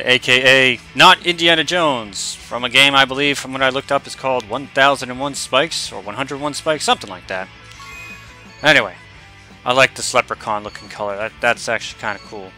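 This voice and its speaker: A man talks casually over a game playthrough in a chatty, self-correcting way. His voice is very bright and sharp-edged, and a little game music plays faintly underneath. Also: medium pitch. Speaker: gamer.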